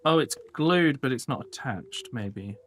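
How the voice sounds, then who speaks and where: A man's voice: mid-range voice, animated, measured pace, a little hiss or hum. A man streaming a building game, talking casually and thinking aloud to himself as he works. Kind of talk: casual live game commentary.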